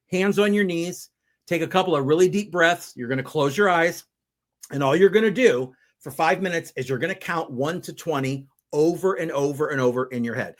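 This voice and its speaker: Middle-aged male speaker, fairly high voice, energetic teaching tone, explains in steps. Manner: energetic, explains step by step with examples. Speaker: mind power speaker, guest. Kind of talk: conversational teaching.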